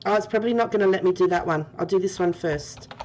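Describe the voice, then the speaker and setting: A woman's voice: fairly low pitch, quick pace, darkish tone, a little hiss or hum, low-quality recording. A woman streaming a game live, chatting with her viewers by name and laughing often. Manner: giggly, laughing often and talking to chat by name.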